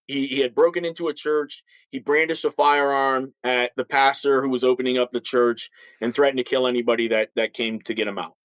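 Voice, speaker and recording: A middle-aged man and former police officer, a podcast guest, speaking bluntly and forcefully with frequent restarts. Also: mid-range voice, dry recording, poor audio. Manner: acts out others' voices in stories. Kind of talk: podcast interview talk.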